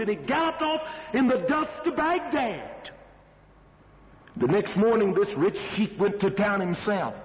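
A man's voice: sits high, sing-song, moderate pace. A male preacher telling a story in a sermon with dramatic emphasis, recorded in a dull recording with long hall reverb.

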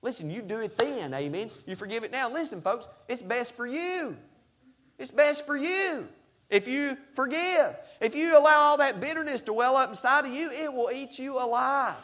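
A high-pitched man preaching a sermon as pastor, pressing his points and calling out to the congregation for an amen. The sound is dull and lo-fi, like an older church recording. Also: animated, normal speed. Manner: preaching, frequent call-and-response "amen?".

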